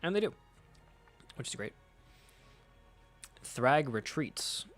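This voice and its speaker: A man's voice: mid-range voice, very animated, takes it slowly, a bit bright, soft background music. Joking man riffing through comics. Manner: loose and joking, swears freely, corrects himself mid-sentence. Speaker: comic book reader and commentator. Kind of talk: casual chat while reading comics.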